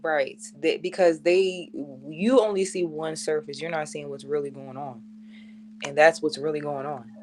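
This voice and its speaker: A woman with a low voice chats casually as a co-host. She makes blunt, sarcastic asides in a matter-of-fact way. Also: fairly even intonation, normal speed, darkish tone. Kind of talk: casual chat.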